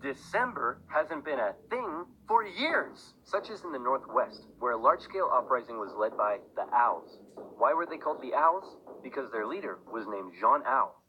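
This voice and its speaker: A man giving wry, deadpan comedic narration of history, on a dull lo-fi recording. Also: medium pitch, normal speed, a little hiss or hum.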